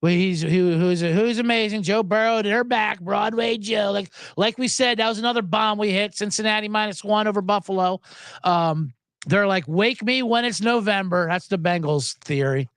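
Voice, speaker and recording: A man's voice: high voice, moderate pace, clean tone, no room sound, studio quality. A man hosting a sports show in casual, joking, rambling talk. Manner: animated, jokey, rambling.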